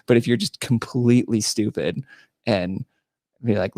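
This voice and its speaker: A man's voice: mid-range voice, a little slow, darkish tone, no echo, clean studio sound. A man co-hosting a podcast, telling stories in a mocking, laughing way during a casual chat. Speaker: podcast co-host.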